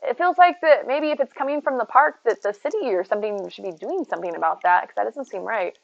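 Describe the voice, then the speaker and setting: A woman's voice: a little high, expressive, fast talker, vocal fry, no room sound, dull audio. A woman streaming from home, chatting casually and rambling to her viewers, reading and answering their messages by name. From United States. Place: home, indoors.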